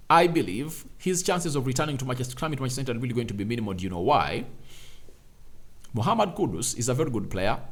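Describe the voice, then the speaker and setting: Speaking at a medium pitch, a fan-channel host gives his opinionated football commentary. He drives his points home with emphatic rhetorical questions and keeps repeating certain phrases.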